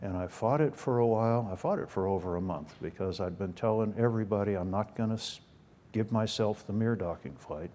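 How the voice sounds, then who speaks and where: Speaking a little fast in a fairly low, mellow voice, an older guest speaker from the United States tells stories and pokes folksy fun at himself. There is slight background noise.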